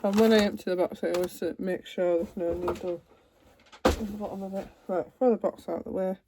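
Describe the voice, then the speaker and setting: A woman's voice: medium pitch, steady tone, a little fast, noisy background. A woman vlogging at home, chatting casually as she unpacks a cross-stitch kit, with trailing asides. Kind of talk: casual chat while unboxing. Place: home, seated in a computer chair.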